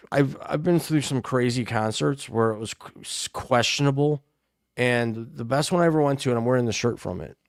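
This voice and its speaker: A middle-aged man tells loud, profane stories in casual talk, playing every part in his tales himself. His voice is gravelly, and the recording sounds close and dry. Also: mid-range voice, no echo. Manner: rowdy storyteller, swears freely, acts out quotes. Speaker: podcast co-host. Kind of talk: casual chat.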